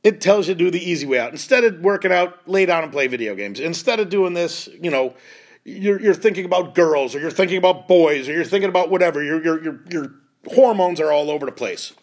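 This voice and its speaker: A middle-aged man hosts a lacrosse show, delivering an earnest, pleading, emotional monologue in which he often repeats phrases and restarts. His voice is on the high side, with lively intonation and a slightly fast pace.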